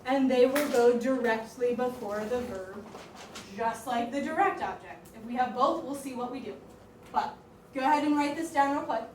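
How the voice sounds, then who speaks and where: A woman teaching a classroom grammar lesson as a high school Spanish teacher, talking in a lively, chatty way with lots of "like". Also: moderate pace. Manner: lively, chatty, uses "like" often. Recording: echoey classroom, voice far from mic, faint room noise.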